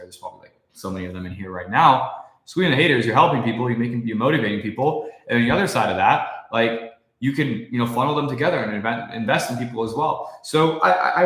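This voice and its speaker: A man's voice: mid-range voice, fairly bright tone. A young man livestreaming, ranting casually and profanely while answering his chat. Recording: echoey room.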